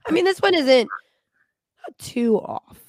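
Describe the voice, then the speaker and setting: A woman's voice: high voice, animated, slow, no room sound, studio quality. A woman in her twenties co-hosting a podcast, chatting casually in a blunt, profane way and laughing often, while getting over a cold. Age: 20s. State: recovering from a cold. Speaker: podcast co-host. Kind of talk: casual chat.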